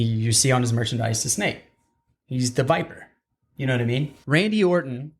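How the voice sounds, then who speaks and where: A man hosting a casual wrestling podcast, talking in long, rambling, digressive stretches. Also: mid-range voice. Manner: rambling, digressive, restarts often. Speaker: podcast host.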